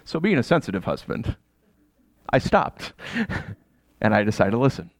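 A man telling a dramatic first-person story monologue to an audience. He swings from quiet asides to exasperated, near-shouted outbursts and throws rhetorical questions at his listeners. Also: mid-range voice, lively intonation, unhurried, long pauses, dry recording.

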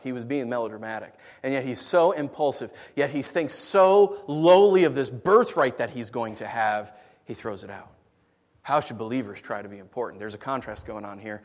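This is a pastor with a medium-pitched voice speaking at normal speed. Preaching amid a big hall's long reverb, he spins playful, animated stories with large swings in his delivery.

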